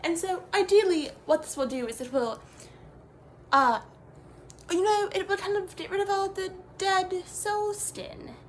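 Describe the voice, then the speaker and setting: A young woman plays a pompous fake academic giving a nonsense meditation lesson, rambling through fillers and half-finished sentences. The voice sits high, and a faint hum of noise runs underneath. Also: unhurried. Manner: mock-serious, rambling, trailing off with fillers. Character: self-serious fake female professor teaching meditation. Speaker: comedy creator. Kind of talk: improvised comedy sketch.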